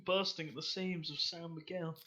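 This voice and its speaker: A man's voice: fairly high pitch, steady tone, normal speed, sharp tone, dull audio. A young man, co-hosting a podcast in blunt, swearing, mock-exasperated casual chat. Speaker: podcast co-host.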